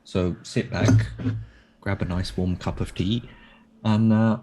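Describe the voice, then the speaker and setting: A man hosting and running a tabletop game over a video call, relaxed and jokey. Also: low-pitched, slow pace, noisy background. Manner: relaxed, chuckling, jokey banter. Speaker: game master and channel host. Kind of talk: casual tabletop game narration.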